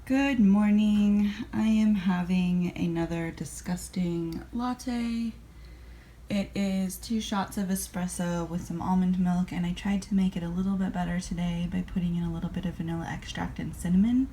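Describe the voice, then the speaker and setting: A woman's voice: on the low side, steady tone, normal speed, warm tone, a little hiss or hum. A woman from California chatting casually through a food diary vlog, self-deprecating and full of ums and likes. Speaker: vlogger.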